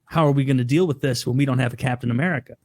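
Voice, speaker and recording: A podcast co-host with a middle-range voice who rambles loosely and thinks out loud, filling every sentence with "like". He is recorded dry and up close. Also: medium pitch, rapid-fire, dry recording. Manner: rambling, heavy use of "like". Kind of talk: casual chat.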